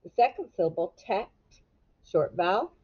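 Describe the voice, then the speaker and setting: A woman teaching young children a phonics lesson, sounding out syllables and letters slowly and gently. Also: mid-range voice, lively intonation, husky. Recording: dull lo-fi sound.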